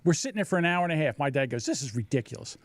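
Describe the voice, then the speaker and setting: A man in his sixties telling a story in casual chat, acting out the people in it with animated voices. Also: on the high side, rapid-fire, noisy background. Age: 60s. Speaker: podcast host.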